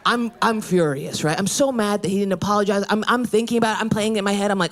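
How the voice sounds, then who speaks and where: A woman in her thirties doing a stand-up set, telling a profane story in a brash way and breaking into yelling rants. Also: medium pitch, a little fast, hardly any pauses. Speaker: stand-up comedian. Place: comedy club stage. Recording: live club with loud crowd laughter. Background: audience laughing.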